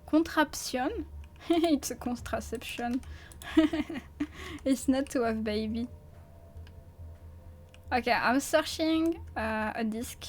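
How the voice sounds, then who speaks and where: A woman with a French accent giving live gameplay commentary as a streamer, jumpy and stammering, swearing and laughing often. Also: high-pitched.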